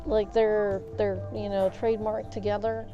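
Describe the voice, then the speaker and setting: A woman's voice: medium pitch, little pitch movement, measured pace, warm tone, lo-fi sound, soft background music. A woman live streamer rambling through a casual story while gaming, with many fillers and restarts.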